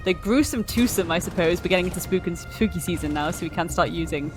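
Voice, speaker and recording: A woman's voice: fairly low pitch, fast talker, music in the background. British woman casting esports. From Britain. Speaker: esports caster. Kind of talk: color commentary.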